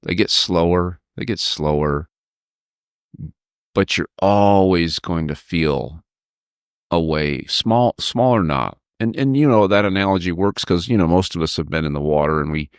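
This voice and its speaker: A man co-hosting a podcast, telling a personal story with halting pauses and acting out quoted people in a higher voice. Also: clear, resonant tone, dry recording, clean studio sound. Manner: halting, stops to steady himself when emotional; acts out quoted people with raised pitch. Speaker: podcast co-host.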